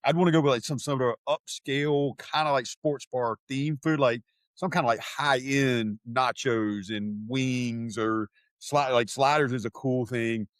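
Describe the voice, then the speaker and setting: A man's voice: medium pitch, fairly even intonation, unhurried, no room sound. A man co-hosting a podcast in casual chat, rambling and hesitant, with many restarts. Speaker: podcast co-host.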